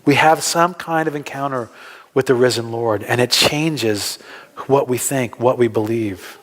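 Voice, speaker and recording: A man's voice: medium pitch, unhurried, a bit bright. Man preaching in a reverberant church. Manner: conversational, asks the congregation questions. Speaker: pastor. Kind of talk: sermon. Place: church hall. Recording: church hall with long reverb.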